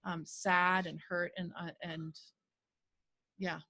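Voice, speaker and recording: A woman with a lower voice co-leads an online healing circle as a spiritual teacher. She is thoughtful and measured and often pauses on fillers, over a video call. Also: little pitch movement, bright, forceful tone.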